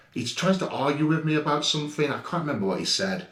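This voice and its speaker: A man's voice: a little high, animated, quick pace, a bit bright, far from the mic. Blunt, indignant man in a roomy echo. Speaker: vlogger recounting an incident. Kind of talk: casual first-person account over CCTV footage. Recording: roomy echo, a bit off-mic.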